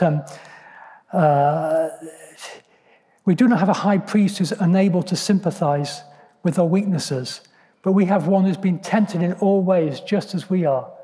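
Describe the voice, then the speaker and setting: A man delivers an earnest, reflective sermon, his voice sitting a little high but mellow in tone. He often pauses with ums and restarts phrases, and his words ring out with a long reverb like a church hall. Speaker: preacher.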